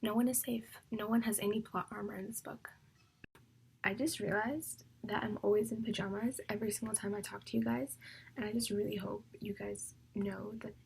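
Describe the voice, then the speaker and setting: A young woman talks through her reading on a casual vlog, emotional and rambling, frequently whispering and heavy on fillers, especially "like." Her voice is medium-pitched, steady, gravelly, and a little mellow at a moderate pace, with slight hiss or hum.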